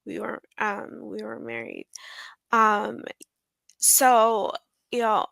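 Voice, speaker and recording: A woman telling her personal story in an interview, hesitant, with many ums and pauses. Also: medium pitch, fairly even intonation, gravelly, a bit bright, dry recording. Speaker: guest sharing her survival story.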